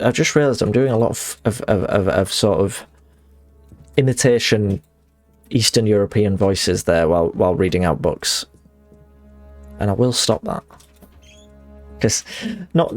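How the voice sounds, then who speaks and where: A young man talks his way through a live game stream. His voice sits a little low, and he rambles and mocks himself, often restarting his sentences. Game music plays faintly behind him. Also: darkish tone. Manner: rambling, self-mocking, many restarts.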